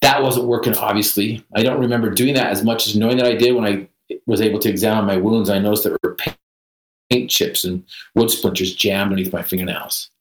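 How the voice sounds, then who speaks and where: A man's voice: fairly low pitch, fairly even intonation, fairly quick, reverberant, low-quality recording. A man as a podcast guest, telling a vivid personal story with self-deprecating humor.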